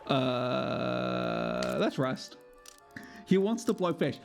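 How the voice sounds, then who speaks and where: A man's voice: mid-range voice, wildly swooping pitch, drawn-out words, creaky, soft background music. Joking, swearing man streaming a game. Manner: joking, swears freely, laughs often. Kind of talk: live gameplay commentary.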